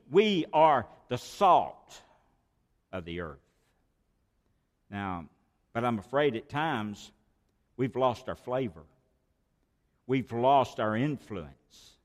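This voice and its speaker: Man, preaching, emphatic repetition, unhurried delivery. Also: medium pitch, long reverb tail. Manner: emphatic, repeats key phrases. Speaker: pastor. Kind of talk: sermon.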